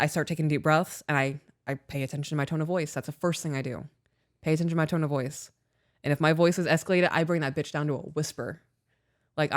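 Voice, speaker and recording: A woman co-hosting a podcast in candid, casual chat. Her voice is smooth and clear, and she speaks frankly and emotionally, swearing freely. The sound is dry and close. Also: sits low, no room sound. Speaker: podcast co-host.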